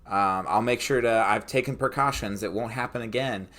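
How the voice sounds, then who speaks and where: A man's voice: medium pitch, a little fast, fairly bright tone, lightly acted. A man voicing a nervous young male inventor who covers up trouble with fake-casual chatter. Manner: fake-casual, forced laughter.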